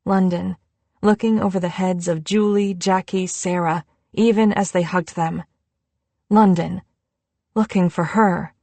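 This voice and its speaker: Slow, low-voiced woman narrating an audiobook. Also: steady tone, dark tone, no room sound. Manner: measured and unhurried.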